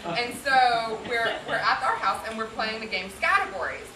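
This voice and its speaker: A woman's voice: on the high side, normal speed. Woman telling laughing party stories. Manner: laughing often, animated storytelling. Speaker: wife giving a birthday roast speech. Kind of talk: party speech, storytelling. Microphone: distant camera. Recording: roomy, distant, noisy party recording.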